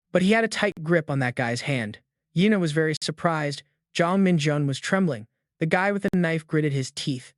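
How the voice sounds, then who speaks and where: Male recap narrator, slightly high voice, dry close-mic read, flat scripted delivery for all parts. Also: moderate pace, dry recording.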